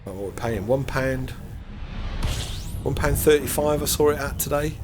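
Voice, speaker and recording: A man's voice: medium pitch, normal speed, over music. A middle-aged man giving casual, rambling commentary while playing a space game, often laughing at himself. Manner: rambling, self-deprecating, chuckles to himself. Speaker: gaming channel host.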